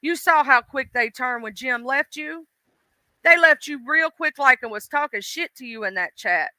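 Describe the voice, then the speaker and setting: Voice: sits high, expressive, normal speed, sharp tone, no room sound. A livestream host ranting bluntly and profanely, speaking straight to the audience. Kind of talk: casual livestream rant.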